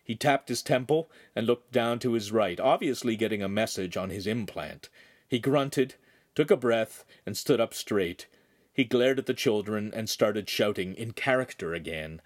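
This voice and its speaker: A man narrating a young adult novel with animated storytelling. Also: fairly low pitch, moderate pace. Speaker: audiobook narrator. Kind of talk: scripted narration.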